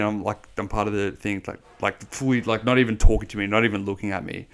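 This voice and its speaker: A young Australian man co-hosting a podcast, telling a long travel story in a rambling, animated way, full of swearing. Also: fairly low pitch, quick pace. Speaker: podcast co-host. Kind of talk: casual storytelling chat.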